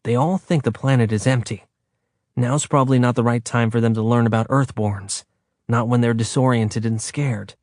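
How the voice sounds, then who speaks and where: A man's voice: medium pitch, steady tone, moderate pace, darkish tone, no room sound, clean studio sound, lightly acted. A man reading an audiobook, voicing an earnest, protective young man who speaks firmly. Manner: earnest, firm.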